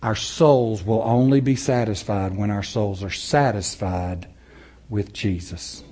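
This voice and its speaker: A man preaching a sermon, moving between loud, rising passages and low, slow, soft ones, chuckling often. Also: slightly rough. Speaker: pastor.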